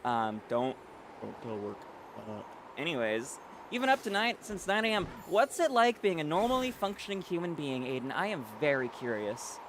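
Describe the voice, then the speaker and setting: Guy streaming a game live, kinda high voice, rambly and chatty, faint hiss behind. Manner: chatty, reads chat aloud, many fillers and restarts. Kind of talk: casual live-stream chat while playing.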